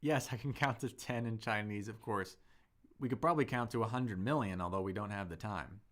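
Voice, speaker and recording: A man hosting a live Chinese lesson, chatty and upbeat, reading viewer comments aloud and slowing down to model tones. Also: on the low side. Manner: reads viewer comments aloud and answers them. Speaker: Chinese teacher and livestream host. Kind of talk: live-streamed language lesson reading chat.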